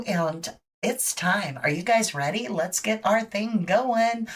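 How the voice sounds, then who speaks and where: A woman's voice: mid-range voice, animated, takes it slowly, distant mic. A woman hosting a live stream, reading tarot cards and chatting with viewers in a speculative, friendly way, with hiccups today. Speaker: host and tarot reader.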